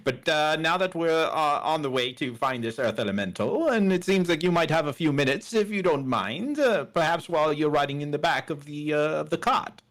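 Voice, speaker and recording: Courteous male player, rambling in character, animated melody. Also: on the high side, moderate pace, hardly any pauses. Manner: polite, wordy, hesitant. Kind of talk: in-character tabletop play.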